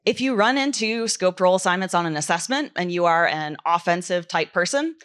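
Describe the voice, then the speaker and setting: A woman presenting a technical talk at a conference, explaining in a relaxed way with frequent fillers. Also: on the low side, fairly quick, clear, resonant tone. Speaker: conference speaker. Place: conference stage.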